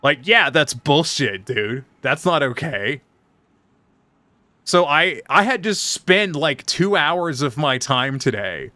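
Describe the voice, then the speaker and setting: A man's voice: a little high, sharp tone, no room sound. A man streaming live, telling a profane, exasperated story in casual chat.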